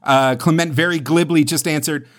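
Casual podcast co-host, male, slightly higher pitch, rambling and self-deprecating. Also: fairly even intonation, moderate pace, a bit bright. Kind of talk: casual chat.

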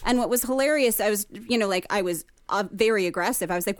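A woman, a podcast guest who fights MMA, telling a story in casual chat, profane and animated, acting out the quotes. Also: mid-range voice, quick pace, few pauses.

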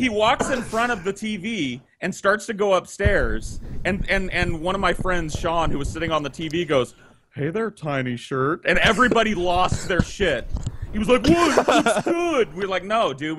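A man telling a crude story on a podcast in a casual, profane, animated way. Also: high-pitched. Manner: animated, profane, voice jumping up when excited. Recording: noisy podcast audio.

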